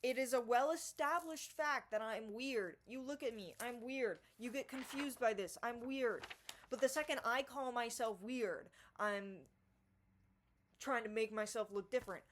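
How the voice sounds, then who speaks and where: A woman ranting to camera in a profane, sarcastic monologue, swinging between loud theatrical outbursts and low mutters. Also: measured pace, slight background noise. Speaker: vlogger.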